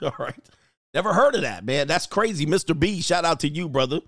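A man's voice: on the high side, lively intonation, a little fast, a bit bright, no echo, clean studio sound, soft background music. A man hosting a show, chatting casually as he reads viewer comments aloud, exclaiming and laughing often. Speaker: host and coach.

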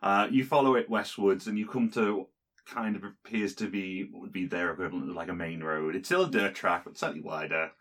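Male game master, lowish voice, hesitant scene narration. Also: steady tone, fairly quick, fairly bright tone. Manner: hesitant, many ums and restarts.

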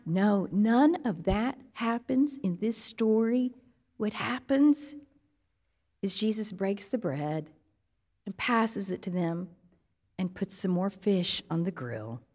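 A woman pastor giving a sermon, measured and reflective, posing strings of rhetorical questions. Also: mid-range voice, expressive, a little mellow, long reverb tail.

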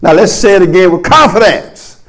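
A man preaching a sermon as pastor, swinging between loud calls and low murmurs. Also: lively intonation, brisk.

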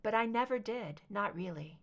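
A woman voicing a calm, firm female FBI agent in an audiobook, speaking steadily and low. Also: normal speed, creaky, lo-fi sound. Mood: steady.

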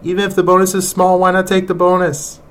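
A man's voice: sits high, monotone, fast. A man hosting a podcast who reacts to clips in an exasperated, mocking way and laughs often. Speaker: podcast host.

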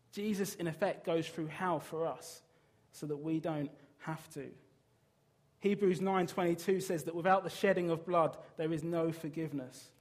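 Earnest high-voiced man preaching. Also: a little mellow. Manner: earnest, emphatic, asks the listeners rhetorical questions. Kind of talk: sermon.

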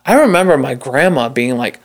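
A young man telling a personal story in casual chat, rambling with lots of fillers and swearing, jumping up in pitch to act out the people he quotes. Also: fairly quick. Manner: acts out quoted voices with big jumps in pitch. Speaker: podcast guest.

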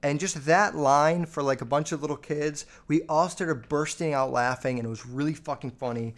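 A man with a fairly high-pitched voice rambles through personal stories on his podcast. He swears freely and leans on lots of "like" fillers, loose and unscripted. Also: fairly even intonation, moderate pace. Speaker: podcast host. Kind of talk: casual storytelling.

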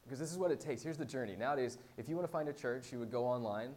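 A man's voice: medium pitch, rapid-fire, a little mellow. Man, pastor, sermon, conversational, wry, talks straight to the congregation.

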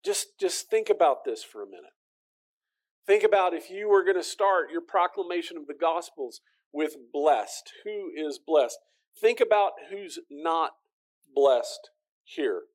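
A man preaching a sermon, earnest and direct with the congregation, often repeating words and swinging from emphatic peaks to soft, quiet lines. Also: high-pitched. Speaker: pastor.

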